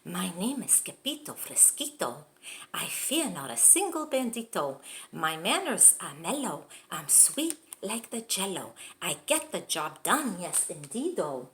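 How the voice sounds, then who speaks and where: A woman voicing an excitable young male kitten who thinks he's a Chihuahua, with a put-on Spanish accent and a bouncy, theatrical, sing-song delivery. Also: on the low side, a little slow, roomy sound, a little hiss or hum. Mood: soft crooning. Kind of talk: storybook read-aloud voice.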